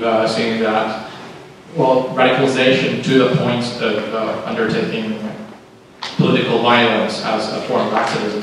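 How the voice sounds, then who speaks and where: A man answering on a discussion panel in a measured, analytical way. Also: mid-range voice, a bit bright. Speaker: panelist, researcher. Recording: distant mic in echoey hall, noisy.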